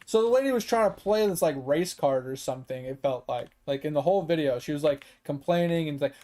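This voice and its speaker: Profane, exasperated gaming streamer. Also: male voice, fairly high pitch, animated, fairly quick, few pauses, warm tone. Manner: exasperated, profane, many fillers. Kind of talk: casual rant while gaming.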